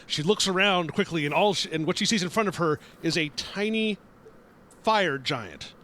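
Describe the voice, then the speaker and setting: A man's voice: high voice, animated, moderate pace, sharp tone, slight background noise. A man improvising a story for friends on a call, often laughing and correcting himself. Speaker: player telling the story.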